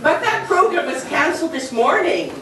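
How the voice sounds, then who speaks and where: Woman acting cheeky driver, very high lively voice, echoey hall from far off. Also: normal speed, crowd noise. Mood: protesting. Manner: protesting, laughing. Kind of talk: amateur stage play.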